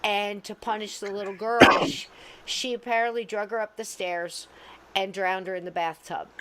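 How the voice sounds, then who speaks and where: Middle-aged woman, earnest storyteller, soft gentle asides, faint room hum. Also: medium pitch, fairly even intonation, moderate pace. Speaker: podcast co-host, medium. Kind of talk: casual storytelling.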